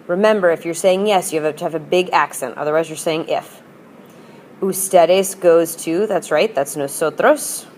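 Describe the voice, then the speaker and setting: A woman's voice: fairly low pitch, normal speed, a little mellow, a little hiss or hum. A woman teaching a language class, drilling with patient repetition and switching between English and Spanish. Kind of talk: classroom lesson.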